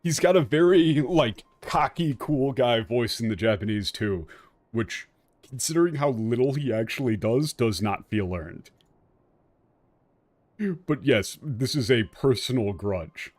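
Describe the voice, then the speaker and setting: Guy streaming a game, mid-pitch, rants a lot, stumbles and restarts, dry close sound. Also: unhurried, no echo. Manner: animated, ranting with laughs and restarts. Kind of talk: casual commentary while playing.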